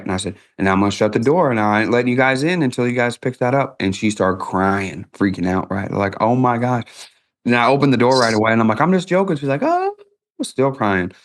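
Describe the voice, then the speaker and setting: A man's voice: lowish voice, fast talker, hardly any pauses. A middle-aged man, hosting a podcast interview and telling stories in a folksy, conversational way. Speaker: podcast host.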